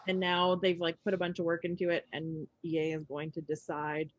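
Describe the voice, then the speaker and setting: A woman co-hosting a casual gaming podcast from her home basement, talking in a relaxed, rambling way. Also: fairly low pitch, brisk, dry recording, dull audio. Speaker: podcast co-host. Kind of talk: casual chat.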